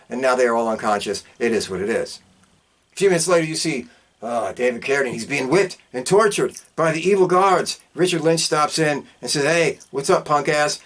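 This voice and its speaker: A man hosting a film review podcast, recapping a plot in a loose, profane way with throwaway asides. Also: fairly high pitch.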